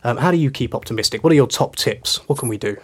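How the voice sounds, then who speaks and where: Guy ranting and joking, playful and mocking, mid pitch. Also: fast talker, slightly rough. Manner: mocking, playful, silly exaggerations. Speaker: podcast co-host. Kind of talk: comic political chat.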